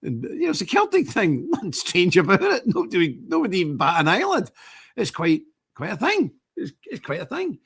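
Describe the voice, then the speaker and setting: A middle-aged man with a husky, somewhat high voice. He rants with swooping, animated pitch, scornful and impassioned, as a live stream host. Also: a little fast. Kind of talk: impassioned commentary.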